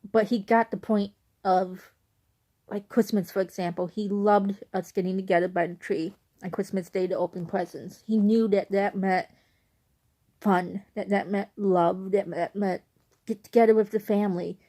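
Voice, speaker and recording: A woman speaking in a relaxed, reminiscing monologue for her vlog. She rambles, backtracks and restarts her sentences, and her voice sits at an ordinary middle pitch for a woman. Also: normal speed. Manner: rambling, with many restarts and asides. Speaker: vlogger.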